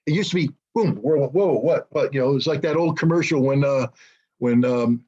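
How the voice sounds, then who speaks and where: A man's voice: medium pitch, fairly quick, darkish tone, highs cut off. An older man giving blunt, sarcastic political commentary as an interview guest over a video call, with many ums and restarts.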